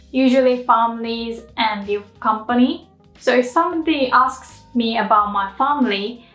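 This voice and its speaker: Native Japanese woman teacher, slightly high voice, careful phrase demos, echoey room, soft music underneath. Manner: slow, careful modeling of phrases. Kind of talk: explanatory language lesson.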